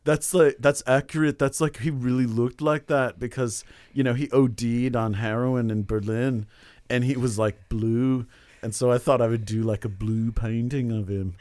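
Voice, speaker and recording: A man putting on a deliberately bad Liverpool accent as a rock star, drawling slowly about a blue portrait. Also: medium pitch, steady tone, a little mellow, lightly acted.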